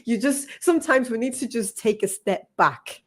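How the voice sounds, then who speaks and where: A woman's voice: on the high side, expressive, normal speed. A woman in her thirties, a health professional, talking candidly in a live panel discussion and laughing often.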